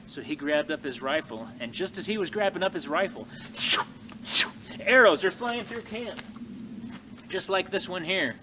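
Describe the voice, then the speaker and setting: Folksy guy spinning a frontier yarn out in the snowy woods, bright voice, a bit high. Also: moderate pace, pauses often, a little hiss or hum. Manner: folksy, animated, talks to the audience. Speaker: living history storyteller. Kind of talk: folksy oral storytelling.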